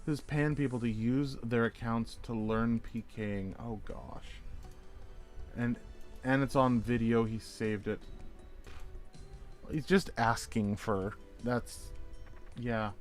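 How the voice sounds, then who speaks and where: Male game streamer, mid-pitched, chatty and jokey, faint music under him. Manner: chatty, rambling, reacts to chat messages; jokey, playful wordplay. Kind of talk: casual gameplay chat.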